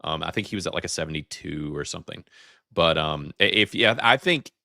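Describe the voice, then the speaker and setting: Male co-host, deep and firm voice, dry close sound, talks things through carefully. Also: creaky, sharp tone, no echo. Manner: measured, hedging, thinking aloud. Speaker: podcast co-host. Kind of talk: casual chat.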